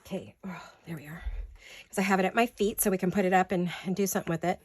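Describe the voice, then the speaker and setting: A woman's voice: on the low side, fast talker, slightly rough. A tired, slightly breathless woman chatting casually through a home craft tutorial, rambling and losing her words. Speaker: craft vlogger.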